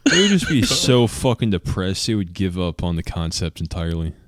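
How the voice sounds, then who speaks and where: Dry, teasing young man, deep voice. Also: lively intonation, brisk, no echo. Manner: dry teasing, blunt insults. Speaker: podcast co-host. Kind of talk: casual podcast banter.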